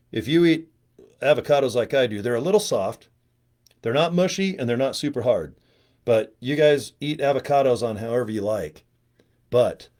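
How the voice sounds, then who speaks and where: A man's voice: mid-range voice, a little mellow. Rambling, crude middle-aged man on a webcam. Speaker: video host. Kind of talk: casual livestream chat. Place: at home, indoors.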